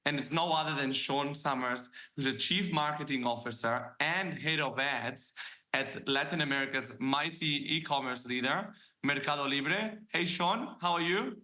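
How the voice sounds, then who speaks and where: A man's voice: fairly high pitch, normal speed, bright, forceful tone. A man with a Catalan accent hosting a podcast and joking with his guests. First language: Spanish. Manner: upbeat, jokey. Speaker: podcast host.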